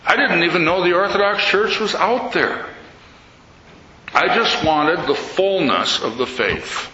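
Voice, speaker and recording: Older priest man telling church stories, bright forceful voice, echoey hall, kinda dull sound. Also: sits high, unhurried, a little hiss or hum. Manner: storytelling, animated quoting of others. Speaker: Orthodox priest. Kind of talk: sermon-style talk.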